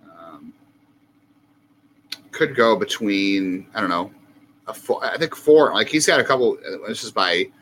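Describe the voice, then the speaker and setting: A man's voice: lowish voice, unhurried, long pauses, a bit bright, a little hiss or hum, poor audio. A man co-hosting a casual sports podcast, thinking aloud about numbers with many fillers. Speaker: podcast co-host.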